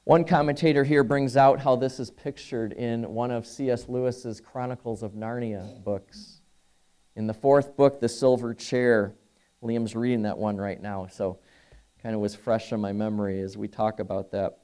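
A man's voice: medium pitch, steady tone, moderate pace, dark tone. A man preaching a sermon as pastor, earnest, building emphasis on key phrases.

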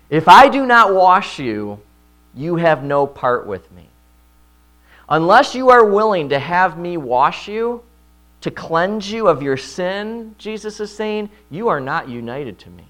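Animated preaching man with lively pitch. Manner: animated preaching, frequent "right?" check-ins, voices quotes loudly. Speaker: pastor. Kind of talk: expository sermon.

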